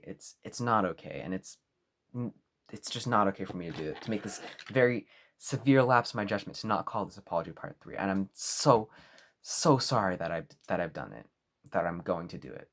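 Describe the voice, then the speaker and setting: A young man talking to camera in a mock-serious apology video, over-earnest and halting. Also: sits low, fairly bright tone. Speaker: vlogger.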